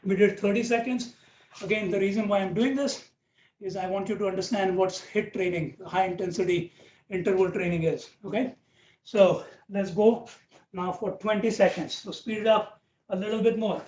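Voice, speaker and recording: High-voiced man coaching a workout. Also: a little mellow. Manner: encouraging, counts out reps, frequent "okay" and "right". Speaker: fitness instructor. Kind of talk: live online workout class. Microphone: video call. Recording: dull, roomy, distant video-call audio with faint hiss.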